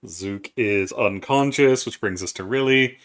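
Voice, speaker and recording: A man running a tabletop game as game master, briskly working out movement and rules aloud for his players. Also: on the low side, fairly bright tone.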